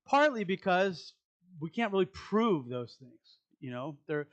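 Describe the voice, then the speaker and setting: A man preaching a conversational sermon as pastor, asking the congregation questions and dropping into soft asides. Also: high-pitched, big pitch swings, unhurried. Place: church sanctuary.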